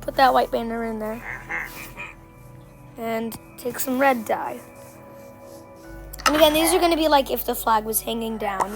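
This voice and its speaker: A woman giving casual, playful commentary on a game tutorial, joking at herself and trailing off with fillers. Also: on the high side. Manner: slow, playful and self-joking, with many fillers and trailing phrases.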